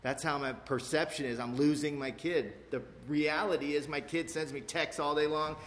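Bright-voiced man sharing his testimony. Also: fairly high pitch, fairly even intonation, normal speed. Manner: emotional, rambling, repeats "you know what I mean". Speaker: speaker sharing at a recovery meeting. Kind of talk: personal testimony to a live audience. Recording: echoey hall with faint room noise.

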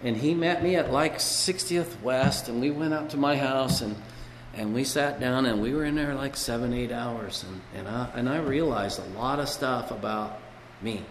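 A man's voice: mid-range voice, normal speed, slight background noise. A man giving a personal recovery testimony at a meeting, a rambling storyteller who leans on "you know". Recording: echoey hall with long reverb.

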